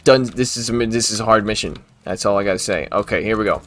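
A man's voice: fairly low pitch, fast talker, fairly bright tone, faint music behind. A man casually commentating his own gameplay, talking to the game and breaking into exasperated outbursts. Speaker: gaming video host.

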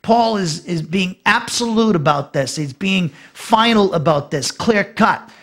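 A man with a fairly high voice teaching a Bible lesson as a pastor. He speaks unscripted and explains Greek terms step by step. He often restarts and repeats words as he goes. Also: animated, a little slow, creaky, a bit bright.

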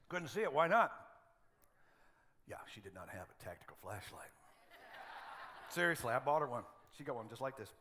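A middle-aged man preaching a sermon as pastor of a church, telling humorous stories in an animated way. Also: sits high.

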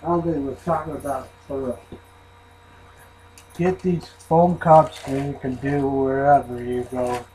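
A man's voice: medium pitch, fairly even intonation, unhurried, warm tone, slight background noise, rough recording. A man rambling and swearing in a casual vlog, often trailing off into mumbles. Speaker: vlogger reviewing an energy drink.

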